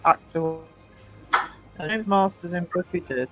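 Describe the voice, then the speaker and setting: A man from Northeast England runs a casual live stream, chatting away and greeting his viewers as he reads out their messages. His voice is high, a bit bright and unhurried, over soft background music on a rough recording.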